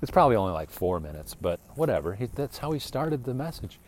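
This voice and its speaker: Exasperated, animated man rambling on a podcast. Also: mid-range voice, fast talker, a little hiss or hum. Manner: animated, exasperated, full of restarts and asides. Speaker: podcast host. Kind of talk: casual rambling monologue.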